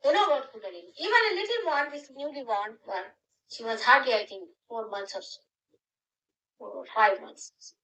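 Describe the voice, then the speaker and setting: A grandmother in her later years leads a spiritual gathering and tells her followers plainly what to do. Her voice sits high and sounds bright and clear. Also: expressive, moderate pace, poor audio. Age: older. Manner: instructive, directive. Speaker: spiritual teacher.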